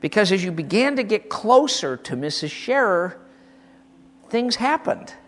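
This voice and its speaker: A man from Michigan spinning funny stories about his school days. His voice sits a bit high for a man and swings lively up and down as he acts things out, with frequent restarts. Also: measured pace. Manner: animated, comic, acts out quotes, frequent restarts. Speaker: storyteller recalling school teachers. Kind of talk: casual anecdotal storytelling.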